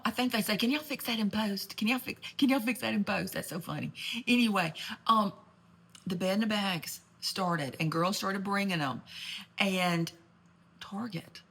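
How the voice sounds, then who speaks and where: A woman tells a comic, gossipy story in a husky voice with plenty of fry. She rambles and throws in asides with genteel sass. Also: lowish voice, a bit bright. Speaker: comedic storyteller. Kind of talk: comedic monologue in character.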